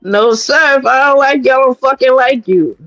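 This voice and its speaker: A woman from New York City hosting a livestream, talking in a blunt, profane and animated way as she gives her commentary. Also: high voice, moderate pace, no room sound, soft background music, rough recording. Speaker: streamer host.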